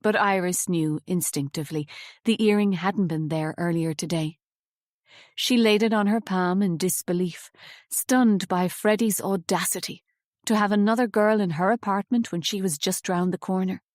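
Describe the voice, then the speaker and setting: An audiobook narrator, a woman with a mid-range voice, reads a novel aloud in a measured, even storytelling manner. She is recorded on a close studio mic with no echo.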